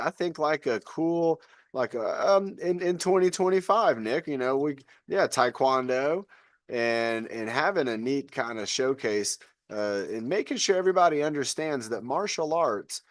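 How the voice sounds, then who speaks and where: A man's voice: medium pitch, no room sound, studio quality. A man coaching a live online fitness class over a video call, chatty and encouraging.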